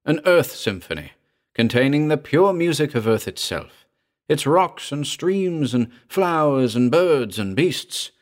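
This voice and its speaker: A man's voice: lowish voice, lively intonation, unhurried, a little mellow. A man voicing an obsessed male composer and inventor who explains his work in an intense, lecturing way. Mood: rapt.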